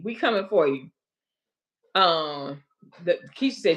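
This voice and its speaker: A woman hosting a casual livestream, chatting straight to her viewers with folksy asides and haltingly reading out health facts between comments. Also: lowish voice, lively intonation, sharp tone. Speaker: livestream host.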